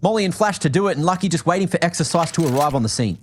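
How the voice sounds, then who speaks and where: An Australian man calling a game play-by-play, quick and excited as the action unfolds. A faint hiss of noise sits under his voice, with clicks in the background. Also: a little high. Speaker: esports caster. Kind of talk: play-by-play commentary.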